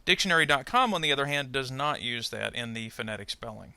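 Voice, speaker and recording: Gravelly, bright-toned man teaching pronunciation. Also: mid-range voice, lively intonation, no echo. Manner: measured, explanatory, careful. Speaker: adult ESL pronunciation teacher. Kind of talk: instructional narration.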